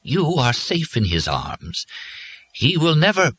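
A man voicing a slow, solemn male machine confessor in an audiobook. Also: lowish voice, sing-song, sharp tone, no room sound, voice pushed up, heavily acted. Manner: slow, measured, intoning.

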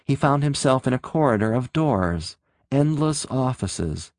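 A man reads a story aloud in a steady, measured narration. His voice sits in a middle range, recorded close and dry. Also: mid-range voice, gravelly, dry recording. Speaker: audiobook narrator. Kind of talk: scripted narration.

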